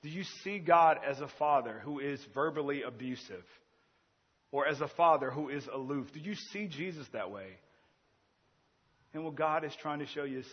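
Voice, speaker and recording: A man in his thirties preaching a sermon, earnest, swinging between loud emphasis and quiet, intimate asides. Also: fairly high pitch, normal speed, husky, long reverb tail, highs cut off. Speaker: pastor.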